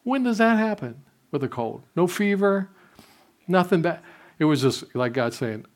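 An older man preaches in an easy, conversational way. He tells his stories directly to the congregation. His voice falls soft and low whenever he quotes his own prayers. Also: expressive, moderate pace. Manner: conversational storytelling, drops softly when quoting prayers. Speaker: pastor. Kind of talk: sermon.

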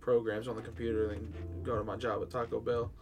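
Quick, blunt young man. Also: fairly low pitch, flat delivery, vocal fry, over music. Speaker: podcast co-host. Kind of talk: casual chat.

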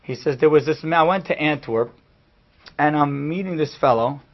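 A man giving a storytelling sermon, animated and acting out the people he quotes, in a dull lo-fi recording. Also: on the high side, normal speed. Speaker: speaker giving a talk.

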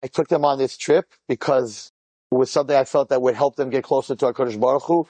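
A middle-aged man, a rabbi and teacher, telling an inspirational story to an audience and acting out the dialogue with lively bursts. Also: mid-range voice, dry recording. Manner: animated, acts out the dialogue in quick bursts.

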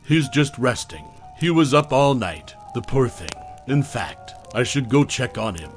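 A man's voice: medium pitch, very animated, a little slow, soft background music. A man voicing an insistent older woman who hosts guests, with a sugary, overbearing manner. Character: insistent older woman innkeeper, sweetly pushy.

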